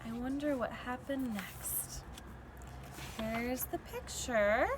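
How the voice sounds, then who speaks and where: A woman teacher reading a chapter book aloud to children, expressive and pausing to explain the pictures. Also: fairly high pitch. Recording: recording with steady background noise.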